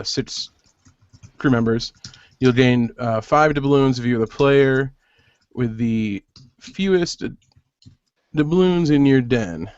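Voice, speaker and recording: A man's voice: medium pitch, clear, resonant tone, no room sound. Methodical man explaining rules. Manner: patient, methodical, with frequent "uh" pauses. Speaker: game designer guest. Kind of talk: explaining game rules on a video call. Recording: muffled web call audio.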